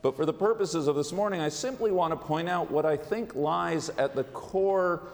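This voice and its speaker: A man giving a sermon as a rabbi, with a measured, wry delivery. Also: on the high side, vocal fry. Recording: long hall reverb.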